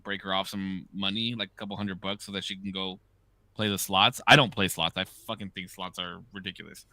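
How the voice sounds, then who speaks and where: A podcast host chatting casually, cursing freely as he spins a story. His voice is bright and forceful. The sound is dry and close, with no room echo. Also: low voice, little pitch movement, a little fast. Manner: loose, profane storytelling. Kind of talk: casual chat.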